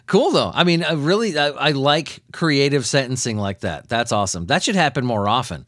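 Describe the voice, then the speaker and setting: A man's voice: mid-range voice, lively intonation, normal speed, a bit bright, no room sound, studio quality. Irreverent, profane male podcast host. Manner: irreverent, profane riffing with frequent chuckles; loose, rambling tangents. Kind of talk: comedic news commentary.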